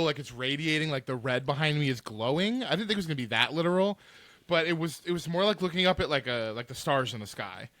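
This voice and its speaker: A man's voice: mid-range voice, dry recording. A man co-hosting a podcast in casual chat, telling rambling stories with lots of "like" fillers. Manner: animated rambling storyteller, many filler likes. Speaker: podcast co-host.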